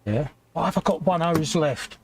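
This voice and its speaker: A man's voice: on the high side, lively intonation, normal speed, a little mellow, slight background noise. A British man co-hosting a casual live stream, chatting and joking while assembling a model kit. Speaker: co-host.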